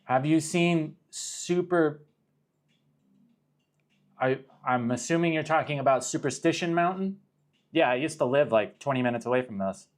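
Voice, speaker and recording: A man's voice: fairly high pitch, normal speed, long pauses. A young man from Arizona chatting casually on a livestream, rambling, swearing and cutting himself off as he reacts to viewer questions. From Arizona, USA. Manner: rambling, profane, self-interrupting. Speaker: livestream host.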